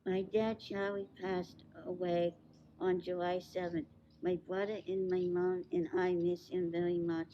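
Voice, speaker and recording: A woman remembering her late father in a slow, halting way, on a dull lo-fi recording. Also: lowish voice, level tone, a little hiss or hum. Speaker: daughter giving a remembrance. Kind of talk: read memorial tribute. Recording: dull lo-fi recording with faint ambience.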